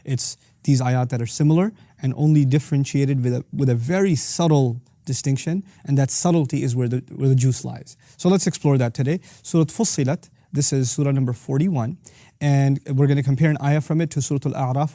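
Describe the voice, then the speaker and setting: A middle-aged man teaching a lesson on Quranic verses as host of his series, talking rapidly and breaking into quick Arabic recitation. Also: mid-range voice, mellow, dry recording, clean studio sound.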